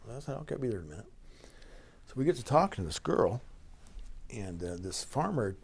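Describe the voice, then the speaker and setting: A middle-aged man, a county sheriff, telling a story in a folksy, animated way during an interview, laughing now and then. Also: mid-range voice, brisk, vocal fry. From Idaho.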